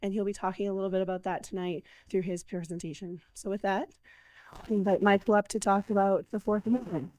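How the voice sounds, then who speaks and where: A hoarse woman hosting a lecture series, introducing the speaker through a microphone in a halting way with many fillers. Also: medium pitch, steady tone, a little mellow, rough recording. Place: event space with a live audience.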